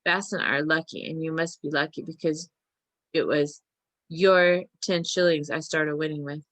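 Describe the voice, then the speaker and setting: A woman voicing an earnest, secretive young boy who speaks gravely and pleads with his uncle. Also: low-pitched, steady tone, normal speed, a bit bright, dry recording. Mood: pleading.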